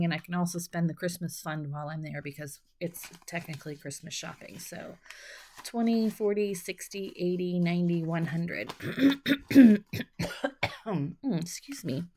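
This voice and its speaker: Gravelly-voiced middle-aged woman counting cash. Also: on the low side, a little mellow, slight background noise. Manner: counts bills half under her breath, chatty asides. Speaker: budgeting channel host. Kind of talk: casual chat while counting cash.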